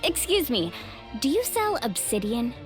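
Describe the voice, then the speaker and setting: An earnest, determined young heroine speaks directly in a game. Her fairly high voice moves lively up and down. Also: unhurried, faint music behind. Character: determined young woman on a rescue.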